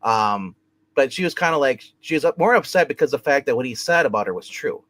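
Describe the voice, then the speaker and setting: Male co-host, mid-pitched voice, loose rambling plot recap. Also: expressive, a little fast, fairly bright tone. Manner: rambling recap, heavy with fillers like "you know" and "like". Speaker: co-host of a TV review show. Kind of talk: casual episode recap.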